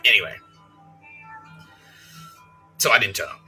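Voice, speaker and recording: A man's voice: fairly low pitch, a little slow, sharp tone, faint music behind, poor audio. A man hosting a podcast, talking in a profane, laughing, rambling monologue. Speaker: podcast host.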